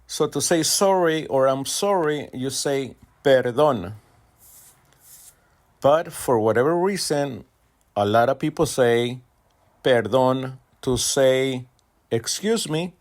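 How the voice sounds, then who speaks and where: A man from Mexico giving a language lesson, with slow and deliberate delivery and a rising lilt on the example phrases. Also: medium pitch, a little mellow. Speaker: Spanish teacher.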